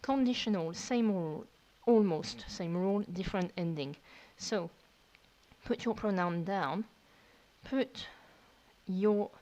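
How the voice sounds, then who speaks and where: A woman's voice: medium pitch, takes it slowly, mellow, rough recording. A woman teacher, patiently explaining verb tenses step by step in a recorded lesson. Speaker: French teacher.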